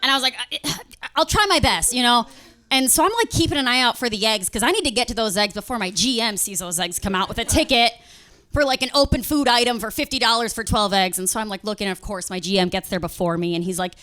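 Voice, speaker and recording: A young woman doing stand-up comedy on stage in front of a live audience. She tells a story and acts out customers and bosses in quick quoted voices. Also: on the high side, fairly bright tone.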